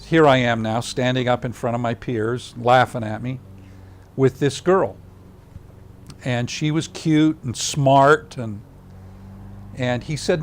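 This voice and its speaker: An older man being interviewed, telling a personal story in a lively way, acting out what others said and dropping to a hushed voice at tender moments. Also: mid-range voice, takes it slowly, long pauses. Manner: animated storyteller who acts out others' lines.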